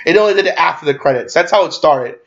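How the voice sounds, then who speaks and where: A man's voice: a little high, lively intonation, fast talker, creaky, a bit bright. A man giving a casual movie review, rambling and swearing, with lots of fillers and restarts. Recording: dull lo-fi recording.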